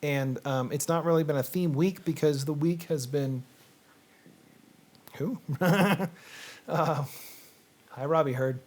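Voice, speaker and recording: A man hosting a casual reading show, chatting to camera in a rambling, hesitant way with many fillers and quiet asides. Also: on the high side, fairly even intonation, a little slow, long pauses. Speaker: host.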